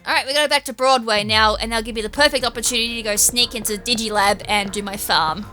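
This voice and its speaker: Rambling Australian gaming host, young woman, a touch high, light background music. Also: quick pace, pushed and bright. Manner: rambling, self-deprecating asides. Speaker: gaming YouTuber. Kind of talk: casual let's-play commentary.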